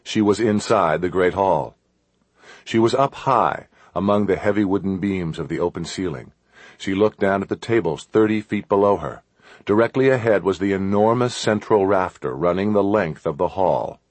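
A man narrating an adventure audiobook in a steady, measured storytelling manner. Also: low voice, no room sound.

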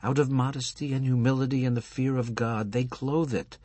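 A bitter, defiant older wife, played by a man reading aloud. She speaks quietly, clipped and cutting. Her voice is husky and dry. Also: medium pitch, steady tone, normal speed, no room sound, voice pushed up, natural voice.

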